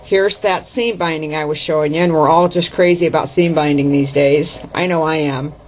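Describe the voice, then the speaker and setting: A woman's voice: sits low, fairly even intonation, normal speed, slight background noise. Chatty woman demoing crafts, lo-fi audio. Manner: chatty, self-correcting, folksy. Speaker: craft vlogger. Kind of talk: casual craft demo to camera. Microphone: camera mic. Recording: dull lo-fi camera audio.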